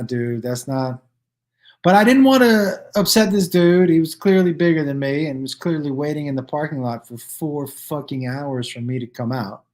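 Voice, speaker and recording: A man chats straight to his viewers, spinning stories in a loose and profane way. He acts out each person in the stories with "I go" and "he goes." His pitch sits in an everyday middle range. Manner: animated, acts out quoted dialogue with "I go" and "he goes"; loose and profane, with restarts and fillers. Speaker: comedian hosting his own live stream. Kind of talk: casual storytelling to viewers.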